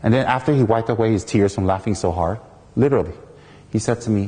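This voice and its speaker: A man from the United States gives a dharma talk as a Buddhist teacher. His voice sits low and sounds mellow, and he tells a lively personal story, acting out each person in it. The sound carries a long reverb from a hall. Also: quick pace.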